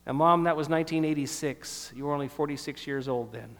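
A man in his fifties telling a personal testimony in sermon style, emotional and storytelling, dropping softer at tender moments. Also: fairly high pitch, fairly quick, hardly any pauses, in a large hall. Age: 50s. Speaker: speaker giving a testimony.

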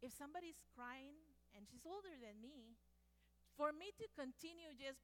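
A native Spanish-speaking woman with a notably high voice shares personal stories. She talks expressively and slips into the voices of the people she describes. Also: lively intonation, a little slow, bright, forceful tone. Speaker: speaker and former medical interpreter. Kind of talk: personal storytelling talk.

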